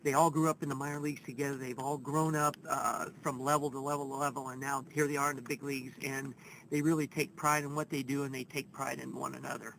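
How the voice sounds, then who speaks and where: A middle-aged man, a first base coach, telling a story in an interview in a folksy, animated way and acting out his own quotes. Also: mid-range voice, fast talker, vocal fry, a little hiss or hum, low-quality recording. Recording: faint background ambience.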